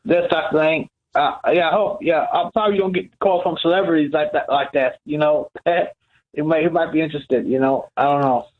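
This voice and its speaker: A male caller to a radio show, talking haltingly and repeating his words. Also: a little high, steady tone. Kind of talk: phone-in call. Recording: tinny phone line.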